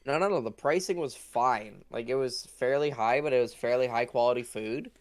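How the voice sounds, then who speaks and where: A man's voice: medium pitch, normal speed. A man, hosting a casual podcast chat and ranting emphatically in bursts. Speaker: podcast host.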